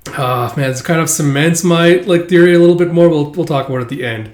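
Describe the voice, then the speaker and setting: A man's voice: a little high, quick pace, reverberant. A man chatting casually as he reviews a manga chapter, blunt and swearing freely. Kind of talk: casual chat.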